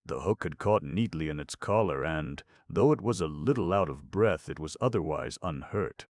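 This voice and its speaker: A man narrating a classic storybook in a steady, measured way. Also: deep voice, no echo. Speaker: audiobook narrator. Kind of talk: scripted narration.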